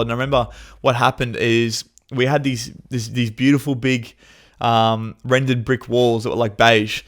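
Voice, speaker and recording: A man hosting a podcast, telling a personal story in a candid, emotional way, with frequent swearing and passages that rise in intensity. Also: medium pitch. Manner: rises to intense, raised passages when reliving pain. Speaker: podcast host.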